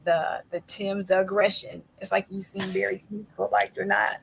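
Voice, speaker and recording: Chatty gravelly-voiced woman host. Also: mid-range voice, level tone, normal speed, slight background noise, low-quality recording. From southern United States. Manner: chatty, laughs often, acts out quotes. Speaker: podcast host. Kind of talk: casual interview chat.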